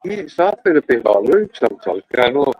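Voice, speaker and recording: A man's voice: medium pitch, very animated, fairly quick, highs cut off. A man chatting casually and rambling to live-stream viewers from a cafe.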